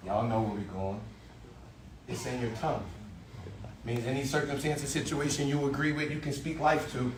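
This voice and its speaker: A man speaking as a dean to a group of young men, giving a motivational speech and leading call-and-response chants, moving from low confiding talk to loud calls. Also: fairly even intonation, normal speed, pauses often, roomy sound, distant mic, a little hiss or hum. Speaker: dean leading a youth ceremony.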